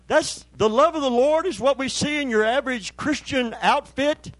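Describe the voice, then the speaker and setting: A man preaching a sermon, asking for amens and swinging from loud shouting to quiet, low storytelling. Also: normal speed, hardly any pauses, dry recording. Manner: preaching with call-and-response, rising to shouts then dropping low. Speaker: pastor.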